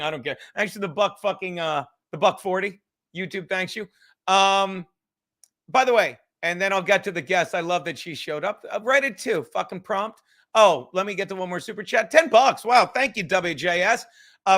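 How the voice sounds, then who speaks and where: A man hosting a livestreamed podcast, rambling and swearing as he tells stories and reads out viewer messages. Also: high-pitched. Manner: profane, rambling, animated storytelling. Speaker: podcast host. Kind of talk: casual livestream chat.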